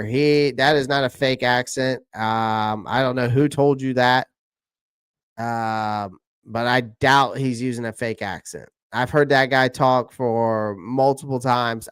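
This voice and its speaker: Chatty man, smooth dry voice. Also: mid-range voice, no echo. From South Carolina. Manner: chatty, repeats himself, reads viewer comments aloud. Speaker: channel host answering live chat. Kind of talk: casual live-stream chat.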